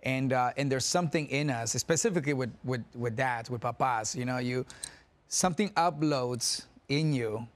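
Animated man telling stories on a talk show. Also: medium pitch, moderate pace. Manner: animated storyteller, laughs often, restarts sentences. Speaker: guest actor. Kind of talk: casual talk-show interview.

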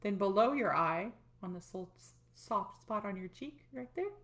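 A woman's voice: medium pitch, lively intonation, moderate pace, fairly bright tone. A middle-aged woman casually walking viewers through a tapping routine, chatty and self-deprecating as she demonstrates. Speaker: tapping coach. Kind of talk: casual instructional talk.

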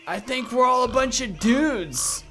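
High-voiced joking young man gaming. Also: expressive, unhurried, pushed and bright, faint music behind. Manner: crude, joking, laughs often. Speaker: gaming YouTuber host. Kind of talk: casual gaming commentary.

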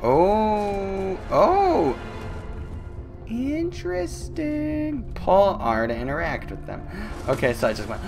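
A young man doing loud, joking let's-play commentary, his voice swinging high and low as he plays. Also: big pitch swings, slow, over music. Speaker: gaming YouTuber.

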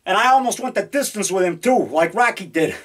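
A man's voice: high-pitched, animated, fairly quick, fairly bright tone. A man in his fifties making a rambling, boastful, jokey vlog to a camera in his home basement. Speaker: low-budget horror filmmaker. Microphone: camera mic.

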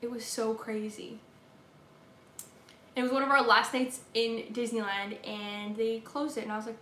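A woman's voice: fairly high pitch, takes it slowly, pauses often, a bit bright, reverberant, a little hiss or hum. A young woman hosting a casual live stream from her kitchen, chatting and answering viewer comments. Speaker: livestream host. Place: home kitchen.

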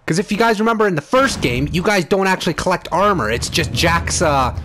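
A young man hosting let's play commentary, excitable and frantic, swearing often. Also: sits high, a little fast, slight background noise. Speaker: gaming channel host. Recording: game music underneath.

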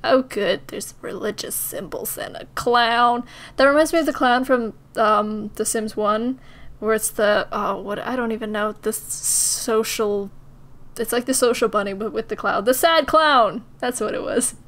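A woman's voice: on the high side, unhurried, fairly bright tone. A young woman commenting while playing a horror game, giggly and joking. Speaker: gaming channel host. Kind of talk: let's play commentary.

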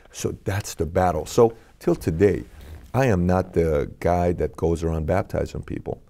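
A man's voice: low-pitched, moderate pace, warm tone. A middle-aged man, a podcast guest, telling a personal story in an earnest, questioning way.

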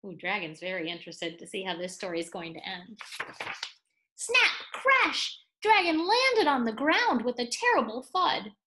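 A woman reading a children's picture book aloud, pausing to explain words and add playful asides. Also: medium pitch, animated, fairly bright tone. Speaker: read-aloud storyteller for children.

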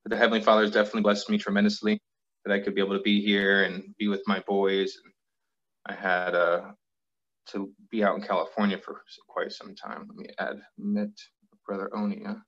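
A man with a fairly low voice talks casually on a video call in a level, unhurried monotone. The sound is dull and lo-fi, picked up by the built-in computer mic. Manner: calls himself monotone, plain and steady. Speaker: guest host reading questions.

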